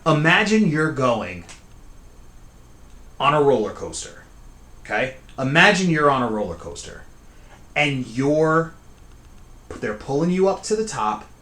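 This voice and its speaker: Slow, lively man telling a scary story. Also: medium pitch, reverberant. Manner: slow, conversational, often asking "okay?". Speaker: storyteller host. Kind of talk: casual spoken horror storytelling.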